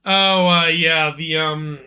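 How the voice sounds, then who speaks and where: A young adult man hosting a casual gaming chat. He talks in an animated way, laughs often and restarts his sentences a lot. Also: on the high side, slow pace, clear, resonant tone. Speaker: host.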